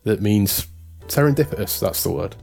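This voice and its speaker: A man's voice: fairly low pitch, animated, moderate pace, vocal fry, a little mellow, soft background music. Chatty man rambling about games. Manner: rambling, self-correcting, amused. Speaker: podcast co-host. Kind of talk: casual chat.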